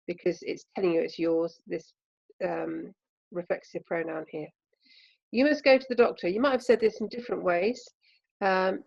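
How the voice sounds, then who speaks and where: English woman teaching with a gravelly edge. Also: medium pitch, moderate pace, rough recording. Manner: patient, clear explanations with frequent ums. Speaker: language teacher. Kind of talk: recorded remote lesson.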